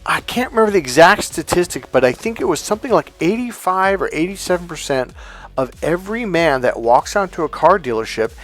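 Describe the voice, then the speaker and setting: A man's voice: sits high, expressive, fairly quick, a bit bright. A man giving a casual, blunt lecture as a dating coach, swearing freely and telling anecdotes. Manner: blunt, profane, emphatic.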